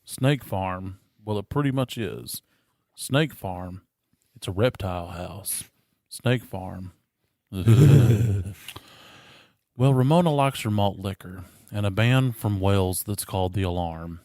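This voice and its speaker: A man's voice: lowish voice, takes it slowly, warm tone, dry recording. A man co-hosting a podcast, chatting casually and reading aloud in a dry, mock-serious way, giggling between lines. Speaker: podcast co-host.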